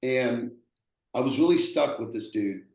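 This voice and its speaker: A man's voice: mid-range voice, a little slow, darkish tone. Plainspoken Texan man in an echoey room. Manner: earnest, plainspoken, repeats himself and acts out quoted voices. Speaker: roofing contractor, guest. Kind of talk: conversational storytelling.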